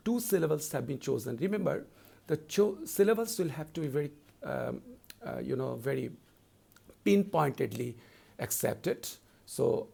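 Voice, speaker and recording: Male lecturer, gravelly tone, patient repetitive teacher delivery. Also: fairly high pitch, warm tone. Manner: deliberate, repetitive explaining, slows down to read verse lines. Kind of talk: recorded lecture.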